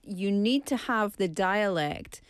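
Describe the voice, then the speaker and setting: Woman, smooth animated chat. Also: mid-range voice, takes it slowly, no echo, clean studio sound. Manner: animated, loves doing accents. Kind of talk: casual chat.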